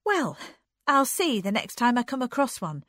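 A woman's voice: medium pitch, big pitch swings, unhurried, husky, no room sound, studio quality, pitched above the performer's own voice. A woman reading a story aloud, voicing a proud young woman who speaks coolly and guardedly.

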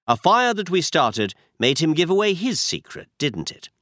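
A man voicing a shrewd, confident male detective who lays out his schemes in crisp, commanding explanations. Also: fairly high pitch, very animated, moderate pace, a bit bright, no room sound, clean studio sound, voice pushed up. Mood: plotting.

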